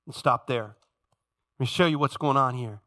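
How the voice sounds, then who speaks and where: A man preaching a sermon as pastor, dramatic, swinging from booming lines to hushed asides. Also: moderate pace.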